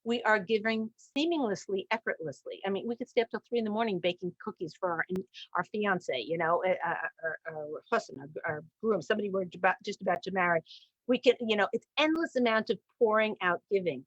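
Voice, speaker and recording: A woman hosting a relationship advice talk show, speaking in an animated way with sudden jumps in pitch when she acts out quoted voices. Her voice sits in a mid range. The sound is dry and a little dull. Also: brisk, no echo.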